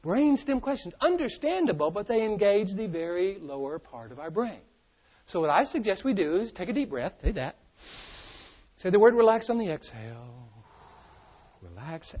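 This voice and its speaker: A man giving an energetic, playful seminar talk to a live audience and drawing answers from the crowd. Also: sits high, highs cut off. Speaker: stress management speaker.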